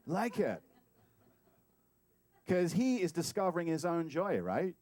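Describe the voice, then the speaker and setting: Lively higher-voiced man preaching. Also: takes it slowly, long pauses. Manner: animated and playful, acts out scenes. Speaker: guest speaker at a spiritual center. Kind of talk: sermon. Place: talk hall.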